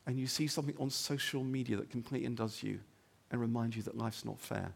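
A man preaching a sermon as the pastor of his church, talking conversationally with rhetorical questions and "okay?" asides, dropping to hushed lines and rising to loud emphatic ones. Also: quick pace, vocal fry, breathy edge. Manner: swings between hushed low moments and loud emphatic stretches. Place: church building.

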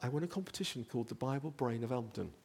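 A man's voice: mid-range voice, expressive, quick pace, darkish tone, breathy edge. A man preaching a sermon, earnest, building to emphatic rhetorical questions.

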